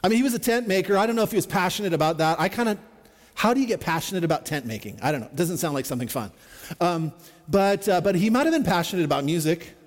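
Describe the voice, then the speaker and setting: A man's voice: high-pitched, animated, quick pace, long reverb tail. A middle-aged man preaching a sermon as a pastor, in an earnest, conversational way with repeated refrains.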